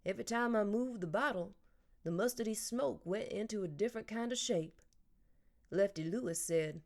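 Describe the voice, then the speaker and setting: A woman narrating a children's novel in an even, clear storytelling voice. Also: mid-range voice, moderate pace. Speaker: audiobook narrator. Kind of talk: audiobook reading.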